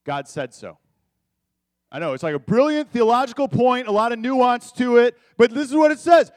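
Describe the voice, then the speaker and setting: A pastor preaching a sermon in a conversational, animated way, with quick asides to the congregation. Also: male voice, very high-pitched, no echo.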